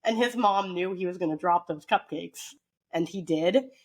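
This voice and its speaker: A woman co-hosting a casual podcast, talking on at length in a chatty, animated way. Her voice sits on the low side, and she keeps a story going with loose fillers. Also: normal speed. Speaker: podcast co-host.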